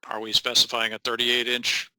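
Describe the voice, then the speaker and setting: A man's voice: mid-range voice, completely flat delivery, normal speed, sharp tone, dry recording, low-quality recording. A man in the audience asking a presenter detailed follow-up questions, restarting his phrasing.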